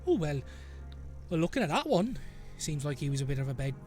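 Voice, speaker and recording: A game master voicing an excitable, motherly talking bush who calls people petal and dearie, with a put-on accent that keeps drifting. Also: medium pitch, a little fast, faint music behind, pitched below the performer's own voice, close to an everyday voice. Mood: gossipy. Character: chatty excitable female flowering bush. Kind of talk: tabletop role-play character voice.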